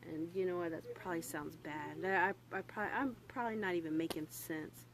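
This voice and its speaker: A young woman with a Southern US accent talks straight into a phone propped on a stand in a room at home. Her voice sits a little low, and she stumbles through restarts and fillers while swearing openly. A faint room hum runs underneath. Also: rough recording. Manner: halting, full of fillers and restarts; candid and swearing. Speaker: vlogger. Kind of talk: casual confessional vlog.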